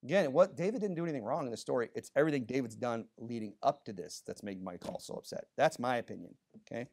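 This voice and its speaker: A pastor preaching a sermon in a church, talking conversationally with many asides, moving between emphatic bursts and low, quiet remarks. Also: male voice, lively intonation, fast. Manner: conversational, full of "you know" asides.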